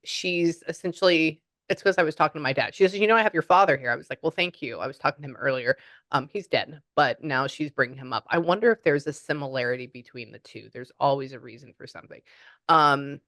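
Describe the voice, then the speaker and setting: Bright chatty psychic medium. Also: mid-range voice, no echo. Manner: chatty, relays spirit messages in quoted voices. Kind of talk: spirit reading session.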